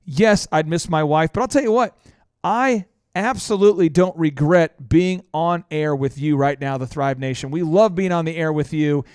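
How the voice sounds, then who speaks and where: High-voiced energetic male radio host. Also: moderate pace, clear, resonant tone, no room sound. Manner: energetic, jokey, emphatic. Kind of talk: casual radio talk show. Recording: dry studio sound.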